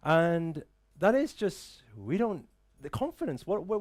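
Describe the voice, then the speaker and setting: A man's voice: high-pitched, sing-song, normal speed. A man giving a live motivational talk to an audience in an event room, full of rhetorical questions and repeated "right?". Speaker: motivational speaker.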